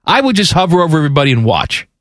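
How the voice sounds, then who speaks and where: A man's voice: a little high, very animated, very fast, a bit bright, no room sound, clean studio sound. A man co-hosting a radio show, chatting casually with a wry, teasing manner. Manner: teasing, wry, laughs easily. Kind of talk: casual chat.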